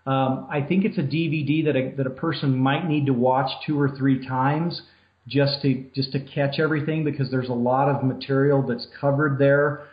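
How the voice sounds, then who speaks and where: A man from Arizona, a hunting guide, explaining technique in a phone interview in a relaxed, explanatory way with many fillers. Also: mid-range voice, normal speed. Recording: muffled phone line with room echo.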